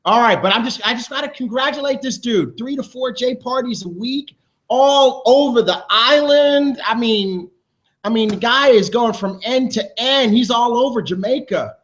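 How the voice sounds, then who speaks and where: Man, high voice, hyped host handing out awards, dull lo-fi sound. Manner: energetic, hyped, talks fast with loose restarts. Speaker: host of a team video show. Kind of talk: upbeat award announcements.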